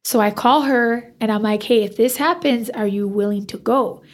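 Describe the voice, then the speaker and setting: A woman's voice: fairly high pitch, moderate pace. A woman, a hairstylist, telling a story in a casual interview and acting out the dialogue. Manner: animated, acts out quoted dialogue. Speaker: hairstylist guest.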